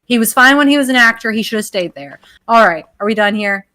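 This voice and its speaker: A woman's voice: on the high side, animated, fast talker, sharp tone. An American woman as a guest in casual chat, exasperated and sarcastic, swearing freely. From United States. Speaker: guest on a stream.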